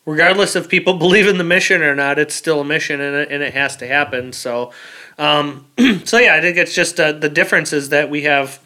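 Bright, clear-voiced male veteran talking. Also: a little high, fairly even intonation. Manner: plainspoken, halting with fillers and repeats. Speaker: military veteran guest. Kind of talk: casual interview conversation.

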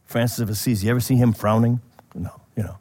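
A man preaching a sermon in a conversational way, asking the listeners questions and laughing softly now and then. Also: mid-range voice, fairly even intonation, fast, husky. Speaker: pastor.

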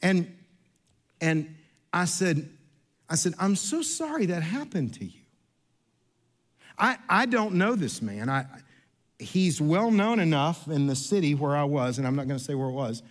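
A man on the high side of the pitch range preaches with lively intonation at a normal speed. As pastor in a church sanctuary, he tells a chatty, self-deprecating story full of restarts and acts out whoever he quotes.

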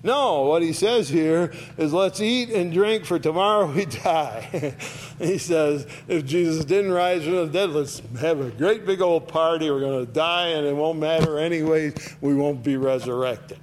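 Guy teaching bible stuff, kinda high voice, acts out the quotes, bit of hiss behind. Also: unhurried.

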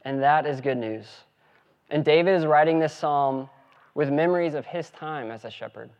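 A man preaching a sermon as pastor, earnest and steady, also leading a spoken prayer. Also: on the high side, normal speed, highs cut off.

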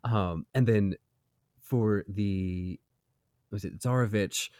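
A man's voice: fairly low pitch, takes it slowly, darkish tone, clear, resonant tone, dry recording, studio quality. A man guesting on a podcast, chatting easily about voicing characters, laughing often and trailing off mid-thought. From United States. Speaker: voice actor guest. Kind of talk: casual interview chat. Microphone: home recording mic.

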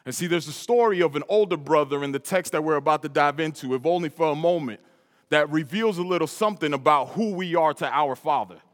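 A pastor from New York preaches to a congregation, building a personal story around repeated, emphatic lines. His voice sits a little high for a man. The sound trails off in a long church-hall reverb. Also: fairly bright tone. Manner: storytelling, repetitive emphatic phrases. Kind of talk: sermon.

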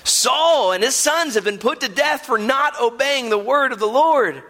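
A man's voice: very high-pitched, moderate pace, sharp tone. A male preacher giving an earnest, emphatic sermon, often checking in with a rhetorical "right?". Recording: long hall reverb.

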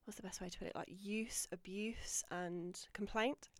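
A woman in casual podcast chat tells a story with plenty of energy, voicing the people in it as she goes. Her voice sits in a middle pitch and sounds dry and close to the mic, with almost no room around it. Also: normal speed, no echo. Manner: animated storyteller, acts out quotes, gets louder when excited. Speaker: podcast guest.

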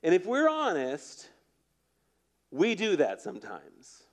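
A man preaching a sermon in a casual, storytelling way, acting out the quotes and dropping to a hushed voice for emphasis. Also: sits high, slow pace. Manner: conversational, animated storytelling with acted quotes. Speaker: pastor.

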